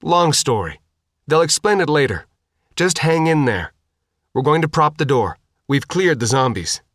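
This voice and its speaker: Man playing a reassuring soldier guy, calm and practical, slightly raised pitch, dry audiobook. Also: unhurried, dry recording, exaggerated voice. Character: steady male soldier rescuing survivors. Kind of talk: audiobook character voice.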